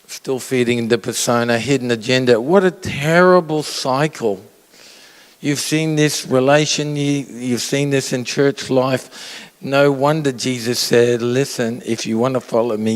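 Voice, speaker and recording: A male pastor giving a conversational sermon, asking the audience questions and acting out inner voices. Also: medium pitch. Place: church auditorium. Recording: long reverb of a large hall.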